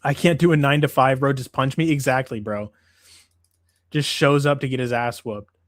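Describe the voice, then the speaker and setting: A man's voice: mid-range voice, steady tone, normal speed, no room sound, clean studio sound. A man hosting a casual MMA livestream, ranting in a profane, exasperated way. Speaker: MMA show host.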